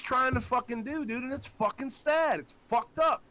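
A man's voice: very high-pitched, normal speed, sharp tone. A man co-hosting a live call-in show, ranting angrily and swearing constantly, often mocking people in put-on voices. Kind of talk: profane ranting chat.

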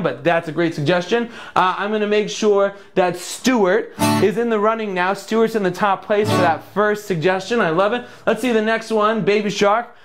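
A man hosting a live-streamed kids' music show from home, playful and bouncy, bursting into squeals of mock surprise. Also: high voice. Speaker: children's entertainer. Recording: guitar loud behind voice.

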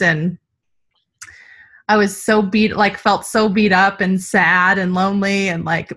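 A woman's voice: medium pitch, a bit bright. A woman team leader sharing a personal story in earnest, motivational talk over a video call.

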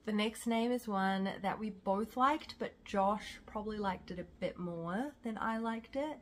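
A young woman from South Africa who has a New Zealand accent talks to camera as a vlogger, casual and enthusiastic. Her voice is mid-range, with slight background noise.

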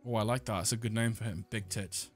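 A man's voice: fairly low pitch, fast. A young man hosting a casual co-op gaming session, swearing freely and yelping in panic. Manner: swearing, excitable, yelps in panic. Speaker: gamer host. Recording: game music behind voice.

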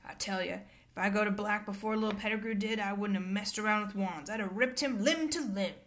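A woman reading aloud and voicing a big, gruff male gamekeeper who growls his lines. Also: fairly high pitch, lively intonation, brisk, close to an everyday voice. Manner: growling, rough and blunt.

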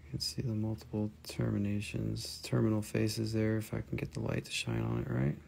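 A man's voice: fairly low pitch, sing-song, a little fast, gravelly, darkish tone, a little hiss or hum. A man hosting a live stream where he sells crystals, talking in a chatty, joking way. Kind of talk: casual live sales stream.

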